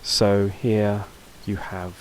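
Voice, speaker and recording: A man's voice: on the low side, little pitch movement, very slow, a little mellow, a little hiss or hum, low-quality recording. A man teaching a casual video lesson, talking loosely with fillers and restarts. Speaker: language teacher.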